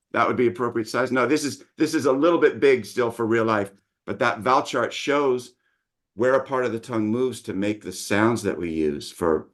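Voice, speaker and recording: Middle-aged man, dialect coach, measured teacherly interview answers, lowish voice. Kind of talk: explanatory interview talk.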